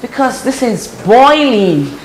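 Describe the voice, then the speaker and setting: Slow, preachy woman cooking. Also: a little high, sing-song, a little hiss or hum, rough recording. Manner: preachy, repeats phrases for emphasis. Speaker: host. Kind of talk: casual cooking vlog talk. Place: home kitchen, indoors.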